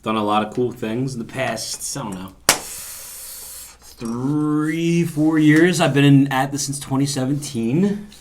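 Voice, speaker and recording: A man's voice: mid-range voice, a little slow, a little mellow. A man with a Philadelphia accent, an actor talking easily on a podcast. He laughs often, with a faint hiss under the recording. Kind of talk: casual chat.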